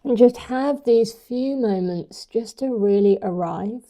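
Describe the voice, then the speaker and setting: A woman teaching a yoga class, guiding the poses and breathing slowly and gently. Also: on the high side. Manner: slow, gentle and soothing. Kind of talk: guided yoga instruction.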